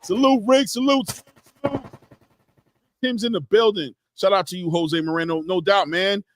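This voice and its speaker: A man hosting a casual boxing live stream, reading out viewer comments and giving shout-outs in a loose, chatty way. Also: high voice, measured pace, slight background noise. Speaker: boxing show host.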